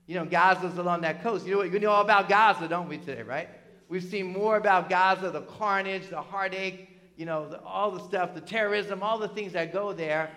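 A middle-aged man from New Jersey preaching a sermon in a conversational, animated way, full of asides and tag questions. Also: high voice, brisk. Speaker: pastor.

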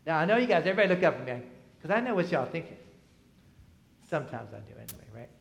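A man's voice: a little high, sing-song, fast talker, creaky. A man who is a pastor, preaching a sermon in a conversational way, often asking the congregation questions and checking in with "right?". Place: church sanctuary. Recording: echoey church hall.

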